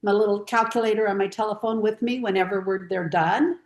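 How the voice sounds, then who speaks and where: A woman's voice: mid-range voice, fairly even intonation, brisk. A woman trainer explaining a sales method step by step in casual talk over a video call. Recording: roomy echo.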